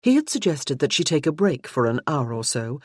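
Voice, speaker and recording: An audiobook narrator reading a novel in a measured, even storytelling manner. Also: medium pitch, no echo, studio quality. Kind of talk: scripted narration.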